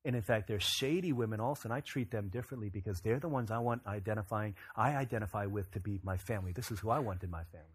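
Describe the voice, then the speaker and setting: A man preaching a sermon, moving between quiet reflection and loud, emphatic bursts. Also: fairly low pitch, quick pace, hardly any pauses, husky. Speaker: pastor.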